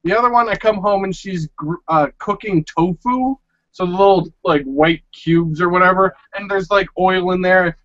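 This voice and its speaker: Brief: high-pitched male podcast co-host, animated ranting storyteller, muffled lo-fi audio. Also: dry recording. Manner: animated, exasperated storyteller who acts out quotes. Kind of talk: casual storytelling chat.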